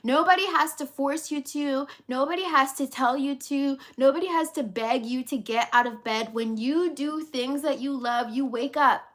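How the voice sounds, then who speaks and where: A high-pitched woman coach talks straight to her viewers in a motivational vlog. She hammers her points home by repeating them and keeps the tone casual, swearing now and then. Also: normal speed, few pauses, a bit bright. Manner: emphatic and repetitive, casual with swearing. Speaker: life and business coach.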